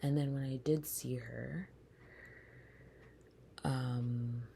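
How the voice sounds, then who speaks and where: A woman hosting a podcast, telling a personal story in a soft, slow, reflective way that often turns breathy. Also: a bass voice, steady tone, slight background noise. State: close to tears. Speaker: podcast host.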